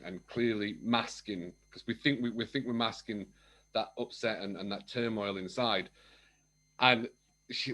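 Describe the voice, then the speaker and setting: Candid animated man telling his story. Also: on the low side, moderate pace. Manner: candid and animated, acts out remembered dialogue. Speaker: podcast guest, coach. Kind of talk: casual chat.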